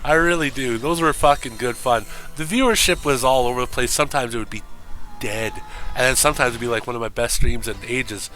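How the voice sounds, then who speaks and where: A man's voice: mid-range voice, a little fast, sharp tone, soft background music. A man chatting casually and profanely while streaming a game, rambling and joking with viewers.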